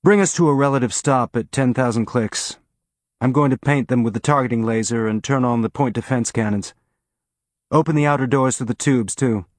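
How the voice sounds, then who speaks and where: A man's voice: medium pitch, a little fast, dry recording, lightly acted. A man voicing a wry spaceship captain who gives orders in a dry, easy tone.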